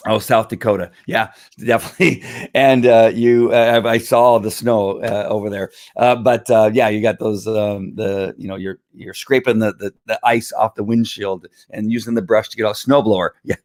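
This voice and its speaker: A man streaming live from home, talking casually to viewers with a hoarse, tired voice, rambling with many fillers and throat clearing. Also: fairly low pitch, steady tone, normal speed, a little mellow, dry recording, studio quality. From Southern California. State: hoarse, losing his voice. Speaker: live stream host selling wellness products. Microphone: computer or phone camera.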